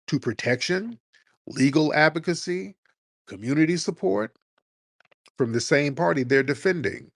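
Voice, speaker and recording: A man's voice: on the high side, vocal fry, dry recording. Guy hosting a call-in show, blunt and slangy, fired up, dry close sound. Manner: blunt, combative, slangy, repeats "see". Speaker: host. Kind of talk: political commentary on a live call-in stream.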